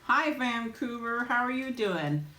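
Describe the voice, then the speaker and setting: A slightly high, expressive woman's voice comes through a roomy space with a bit of background noise, speaking a little slowly. As host of a casual mukbang live chat, she greets viewers by name warmly, chatting with plenty of ums and small laughs.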